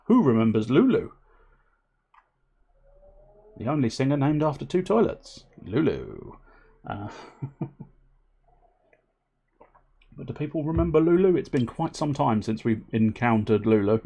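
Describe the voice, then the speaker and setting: A man's voice: mid-range voice, big pitch swings, moderate pace, vocal fry, pauses often, dark tone, husky. A man streaming a video game, joking and rambling with frequent laughs. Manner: jokey, rambling, laughs often. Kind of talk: gaming livestream commentary.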